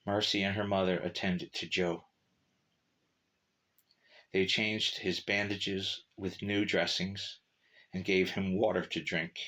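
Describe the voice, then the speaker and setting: A man narrating a short story in a measured, steady reading. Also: low-pitched.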